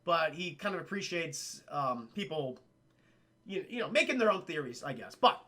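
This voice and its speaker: A man with a high, sharp, forceful voice recaps a film for his livestream chat. He tells it in an excitable, profane rush and keeps turning to speak to the chat. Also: normal speed. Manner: excitable, profane retelling that often addresses the chat.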